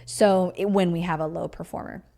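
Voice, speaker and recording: A woman's voice: lowish voice, fairly even intonation, fairly quick, gravelly, warm tone. A woman hosting her podcast, riffing off the cuff in an emphatic, chatty teaching tone full of "like" and "you know". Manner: chatty, riffs off the cuff with many likes and you-knows. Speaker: podcast host. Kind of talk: casual solo podcast talk.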